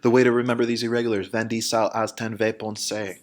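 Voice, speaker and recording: A man teaching a recorded lesson, explaining each point plainly and slowing down to model phrases. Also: lowish voice, little pitch movement. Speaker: Spanish teacher.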